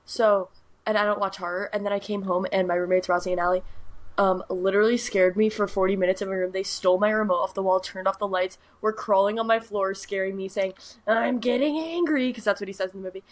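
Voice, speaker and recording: A woman's voice: medium pitch, flat delivery, fast talker. A young woman co-hosting a podcast, telling a story in rambling casual chat with lots of fillers. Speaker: podcast co-host.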